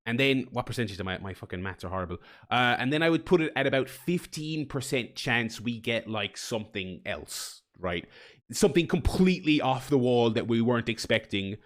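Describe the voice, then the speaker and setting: A man's voice: medium pitch, animated, fairly quick, a bit bright. A man chatting casually to his live-stream viewers, rambling with lots of restarts and some swearing.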